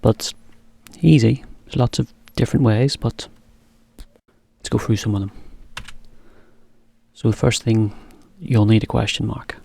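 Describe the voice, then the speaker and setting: A man giving a relaxed English lesson to Japanese learners, explaining with simple examples. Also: lowish voice, unhurried, creaky, pauses often, slightly rough. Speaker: English teacher.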